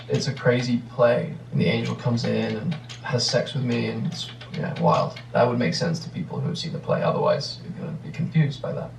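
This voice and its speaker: An English actor in his thirties answers fan questions casually, rambling and reflecting with many restarts in a mid-range, creaky, darkish voice. The audio is poor, roomy, and taken from a distant mic.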